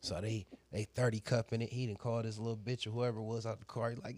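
A barber with a lowish voice tells a crude story at a quick pace, full of slang and voiced quotes, getting animated and loud at times. There's no echo.

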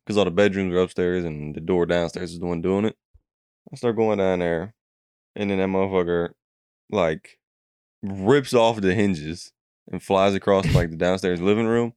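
Young guy rambling through a wild story, lotta cursing, lowish smooth voice, dry sound. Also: moderate pace, dry recording. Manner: profane, animated storytelling with acted quotes. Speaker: storyteller recounting a dream. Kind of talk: casual chat.

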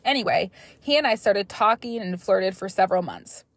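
A young woman hosting a podcast, reading listener stories aloud and breaking off into chatty, animated asides. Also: mid-range voice, moderate pace, no room sound. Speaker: podcast host.

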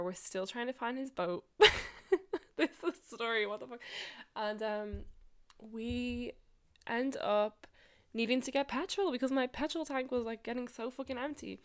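A woman's voice: fairly high pitch, clear, resonant tone. A young woman vlogger casually telling a long story, rambling, swearing and laughing often.

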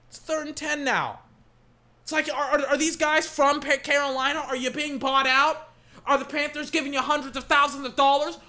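Reacting live to a football match, a fan swears heavily and rants at the referees in loud outbursts. His voice sits high and moves at a normal speed.

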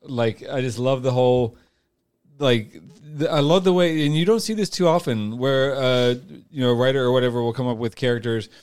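A man's voice: medium pitch, brisk, darkish tone, smooth, dry recording. Rambling casual man, dry close sound. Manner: rambling, filler-heavy, often acts out imagined dialogue. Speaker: podcast co-host. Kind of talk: casual chat.

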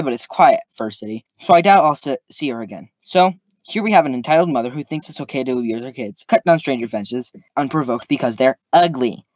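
Guy reading reddit-type stories out loud, kinda high voice, trips over words, chats in between. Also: dry recording. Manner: chatty, stumbles and restarts, comments on the stories. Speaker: podcast host reading online stories. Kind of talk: casual story reading with asides.

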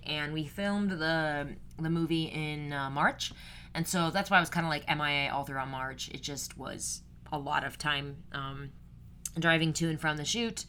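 Low-voiced chatty young woman podcaster. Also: a little slow, bright, forceful tone, slight background noise. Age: 20s. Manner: chatty and rambling, many fillers. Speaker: podcast host. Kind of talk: casual solo podcast chat.

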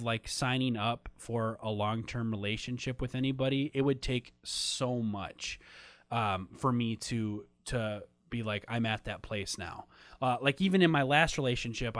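A man's voice: medium pitch, fairly bright tone, dry recording. A man talking casually and candidly, swearing often, getting emotional and trailing off into fillers.

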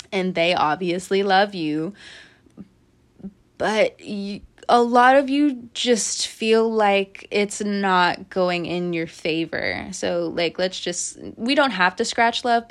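A woman doing a casual tarot reading, animated and blunt, swearing freely and laughing at herself. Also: lowish voice. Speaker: tarot reader.

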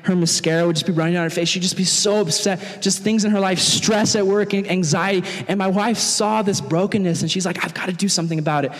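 A young man preaching to young people in a lively, conversational way. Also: high voice, fairly quick, hardly any pauses. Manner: animated, conversational, acts out voices. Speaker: youth pastor. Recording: long hall reverb.

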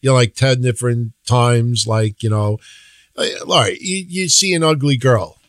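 A man's voice: medium pitch, normal speed, a bit bright, dry recording. A man co-hosting a podcast, giving blunt, opinionated wrestling takes in casual chat, swearing freely and acting out quotes. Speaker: podcast co-host.

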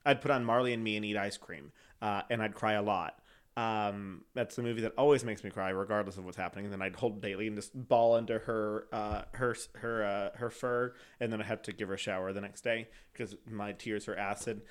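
A man's voice: on the low side, fairly even intonation, normal speed, clean tone. A man in his late twenties, co-hosting a casual chat, talking freely and laughing often as he mimics other people. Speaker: podcast co-host.

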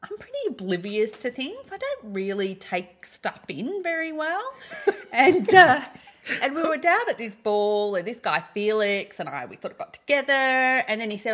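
A woman in her fifties telling lively personal anecdotes in casual chat, often breaking into laughter. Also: mid-range voice, moderate pace.

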